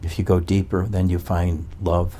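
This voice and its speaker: A man's voice: low voice, flat delivery, normal speed, mellow, slight background noise. A man as a spiritual teacher, giving a talk to a gathering and asking one probing rhetorical question after another.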